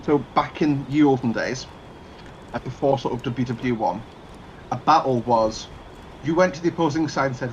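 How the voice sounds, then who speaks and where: A man of middle pitch telling meandering anecdotes, stopping and restarting often. His voice comes through dull and lo-fi, with a little background hiss. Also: moderate pace. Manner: rambling anecdotes with many fillers and restarts. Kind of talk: casual storytelling chat.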